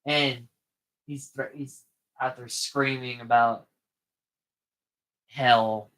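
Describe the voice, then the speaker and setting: A man's voice: mid-range voice, steady tone, extremely slow, fairly bright tone, poor audio. A man co-hosting a casual podcast, walking through a film's plot in a laid-back way and quoting its lines. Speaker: podcast co-host. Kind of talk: casual chat recapping a film.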